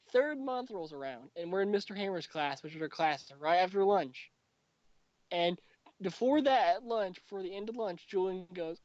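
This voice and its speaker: A man's voice: high voice, moderate pace, no room sound. A young man hosting a casual podcast, telling a school story with lots of swearing and acting out what his friends said. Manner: profane, mocking, acts out quotes of friends. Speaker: podcast host. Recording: dull lo-fi home recording.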